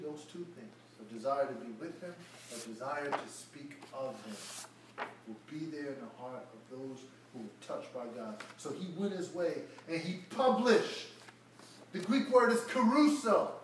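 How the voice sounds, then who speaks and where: A pastor delivers an expository, verse-by-verse sermon, acting out the Bible characters in casual everyday speech. His voice sits on the high side, animated and a little slow. The room echoes, he's far off the mic, and there's slight background noise.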